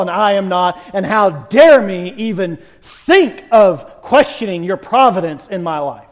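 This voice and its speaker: A man preaching a sermon, impassioned and emphatic, with sudden loud bursts. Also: high-pitched, lively intonation, measured pace, few pauses. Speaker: pastor.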